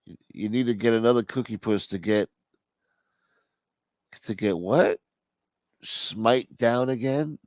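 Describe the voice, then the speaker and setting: A man's voice: on the low side, moderate pace, pauses often, a little mellow, no room sound. A man hosting a late-night livestream, brash and profane as he talks straight to his chat at home. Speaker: livestream host. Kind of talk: casual chat. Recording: dull lo-fi stream audio.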